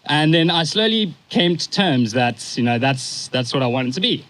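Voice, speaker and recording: A young man in his twenties giving a eulogy for his stepfather, telling a story in a casual, halting way and pausing at times to compose himself. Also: fairly high pitch, animated, a bit bright, poor audio.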